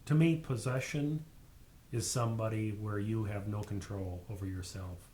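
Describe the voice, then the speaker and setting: A man with a fairly low voice explains his point plainly and matter-of-factly in a studio talk. A faint rumble sits under his voice. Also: fairly even intonation, normal speed, darkish tone.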